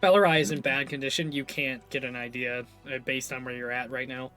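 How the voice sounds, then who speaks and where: A man narrating as game master of a tabletop game, describing scenes in a loose, halting way with many fillers. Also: mid-range voice, fairly even intonation, pushed and bright, faint music behind.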